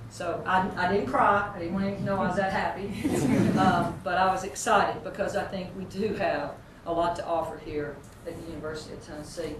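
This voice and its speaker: A woman's voice: lowish voice, steady tone, fairly quick, few pauses. Woman in her fifties, folksy coach storytelling to a crowd; noisy, echoey hall, mic far off. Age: 50s. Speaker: basketball coach giving a speech. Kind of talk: motivational storytelling speech. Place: large hall with an audience.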